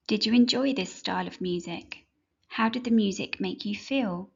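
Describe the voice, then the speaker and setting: A woman narrating a children's music lesson in a clear, measured, instructive way. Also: mid-range voice, highs cut off. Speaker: music teacher. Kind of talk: scripted educational narration.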